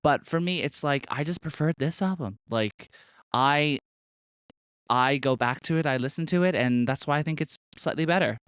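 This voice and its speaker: A man's voice: a little high, moderate pace, a bit bright, clean tone, dry recording. A young man hosting a podcast in casual chat, chatty and gushing, peppered with fillers and swearing. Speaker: podcast host.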